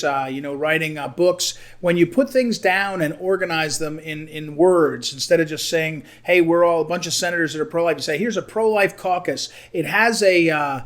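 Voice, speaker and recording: Halting higher-voiced male interviewer. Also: a bit bright. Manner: halting, many fillers and restarts. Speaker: interviewer for a conservative group. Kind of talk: casual video interview.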